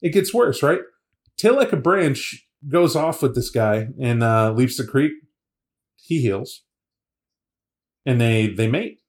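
A man's voice: mid-range voice, expressive, slow pace, long pauses, darkish tone. A man co-hosting a podcast in casual chat, retelling a story with laughter and acted-out quotes. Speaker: podcast co-host.

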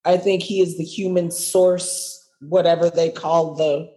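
A co-host talking in a slow, unhurried way on a casual podcast. Their talk is chatty, with small stops and restarts as they think aloud. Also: mid-range voice, fairly even intonation, dark tone. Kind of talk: casual political chat.

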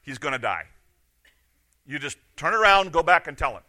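A man's voice: a little high, big pitch swings, normal speed, pushed and bright, exaggerated voice. A man voicing the prophet Elijah as a blunt, stern man delivering a message in a retold scripture story.

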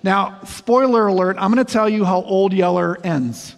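A man's voice: sits high, normal speed, creaky. A man in his forties preaching a sermon, speaking in a conversational, self-deprecating way with humorous asides. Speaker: pastor. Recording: long reverb of a large hall.

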